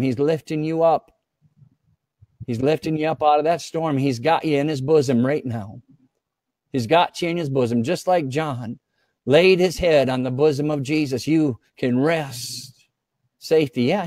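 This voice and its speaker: A man's voice: fairly high pitch, warm tone, dry recording, clean studio sound. A man preaching as a guest pastor, fervent and repetitive, often speaking in the voice of God to his viewers.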